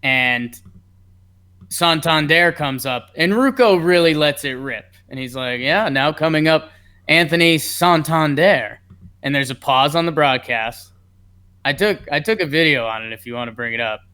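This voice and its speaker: A man co-hosting a casual baseball podcast, reading the lineup and telling stories in a joking, animated way. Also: mid-range voice, moderate pace, clean tone. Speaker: co-host. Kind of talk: casual sports podcast chat.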